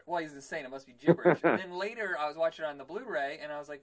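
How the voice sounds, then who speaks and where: A man co-hosting a podcast, talking in a relaxed way with fillers and easy laughs. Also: on the high side, racing, low-quality recording. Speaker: podcast co-host. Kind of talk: casual chat.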